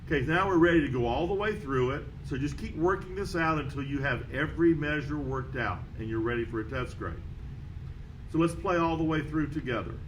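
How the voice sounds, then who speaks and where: Man, band teacher, lesson walkthrough, calls out notes and counts, slightly high voice, faint noise. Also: brisk.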